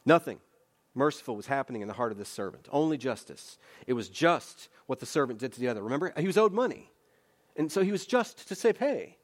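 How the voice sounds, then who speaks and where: A man's voice: medium pitch, animated, fast talker. A man preaching a sermon as pastor, earnest and emphatic, with repeated phrases and conversational rhetorical questions.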